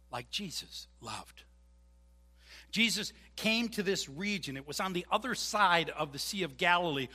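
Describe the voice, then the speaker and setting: A man preaching a sermon as pastor, animated and joking, acting out voices. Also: fairly high pitch, slightly rough, in a large hall. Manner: animated, jokey, acts out voices. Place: church.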